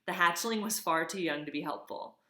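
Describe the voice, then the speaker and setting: A woman reading a children's novel aloud, expressive, with casual asides. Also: on the low side, a little fast. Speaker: reader. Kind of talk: storybook read-aloud. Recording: echoey room.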